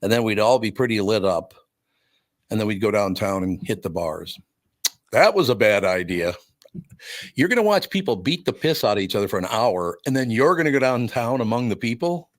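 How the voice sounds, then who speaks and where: A man's voice: on the low side, expressive, moderate pace, no room sound, studio quality. An older man hosting a radio talk show, telling wry stories with frequent chuckles. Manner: storytelling, wry, chuckles often. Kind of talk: casual chat.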